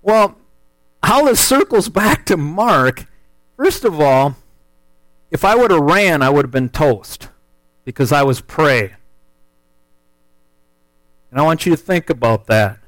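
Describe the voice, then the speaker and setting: A man, telling a hunting story in a folksy, animated way as part of a sermon. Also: a little high, slow, pauses often, no echo, low-quality recording. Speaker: speaker telling a testimony.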